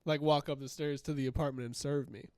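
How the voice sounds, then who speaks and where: A man's voice: on the high side, steady tone, fast talker, darkish tone, clear, resonant tone, no echo, studio quality. A congested young man co-hosting a podcast, joking and giggly, full of slang. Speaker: podcast co-host. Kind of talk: casual chat.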